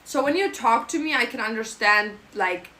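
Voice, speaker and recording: A woman's voice: on the high side, animated, normal speed, pushed and bright, rough recording. A young woman streamer with a German accent, chatting playfully and reading out her live chat. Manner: playful, jokey, switching into silly mock phrases.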